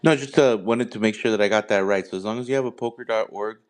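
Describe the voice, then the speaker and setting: A laid-back man co-hosts an online chat through wireless earbuds, his call audio slightly glitchy. His voice is low and dry, and at times the words come out in fast, excited bursts. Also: no echo. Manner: laid-back, swears cheerfully, quick bursts. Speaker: co-host. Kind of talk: casual live-stream chat.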